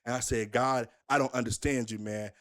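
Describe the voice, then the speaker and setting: Animated young man, candid, emphatic, many rhetorical questions, interview setting. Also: medium pitch, fairly quick. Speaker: minister, interview guest. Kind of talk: candid conversational storytelling.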